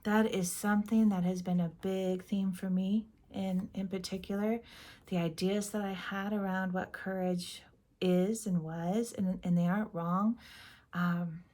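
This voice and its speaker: Woman, tarot reader, soft-spoken, meandering, very slow pace, breathy warm voice. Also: mid-range voice, steady tone. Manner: gentle and meandering, drifting into half-whispers.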